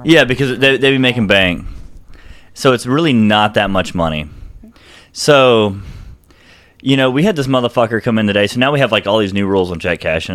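A man's voice: on the low side, expressive, fairly quick, a bit bright. A man, telling a rambling, profane story in casual podcast chat, with lots of "I was like.". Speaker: podcast co-host.

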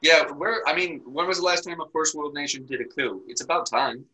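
Laughing, bright-voiced young man joking around. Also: a little high, a little fast, poor audio. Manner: laughs constantly, crude and joking. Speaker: podcast co-host. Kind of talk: casual comedic chat.

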